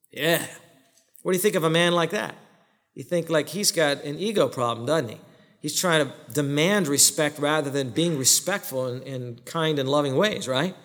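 A man's voice: on the high side, moderate pace, a bit bright. Emphatic preacher man in a reverberant hall. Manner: emphatic, asks the listeners questions and answers them. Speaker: pastor. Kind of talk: sermon. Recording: long reverb of a large hall.

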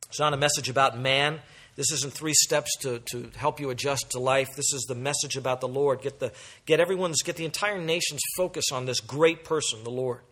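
A man preaching a sermon as pastor, with emphatic delivery that moves between loud and soft. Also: medium pitch, steady tone, a little fast.

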